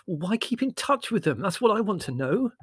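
A man's voice: mid-range voice, animated, moderate pace, no echo, studio quality, voice pushed up, natural voice. A man voicing a sardonic, theatrical young writer who talks dramatically and sarcastically. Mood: exasperated.

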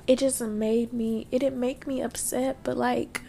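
A woman's voice: a little high, little pitch movement, slow pace, vocal fry, darkish tone, slight background noise. A young woman hosting a podcast, venting bluntly through tears and sniffles in a casual monologue, swearing freely. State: tearful, sniffling. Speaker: podcast host.

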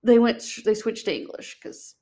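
A woman's voice: fairly high pitch, moderate pace, dark tone. A young American woman co-hosting a podcast, chatty, laughing easily and acting out little quotes. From United States. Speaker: podcast co-host. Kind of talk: casual chat.

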